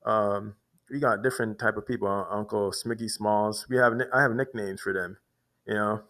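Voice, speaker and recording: A man's voice: on the low side, fairly even intonation, moderate pace, a bit bright. A man telling a long personal story in a rambling way, restarting and repeating words often. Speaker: vlogger. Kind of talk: casual storytelling monologue.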